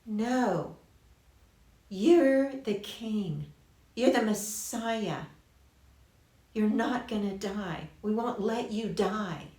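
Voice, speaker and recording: A woman's voice: medium pitch, expressive, mellow, echoey room. A woman voicing an anxious male disciple who stammers as he pleads with his leader. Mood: pleading. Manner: halting, stammering pleas.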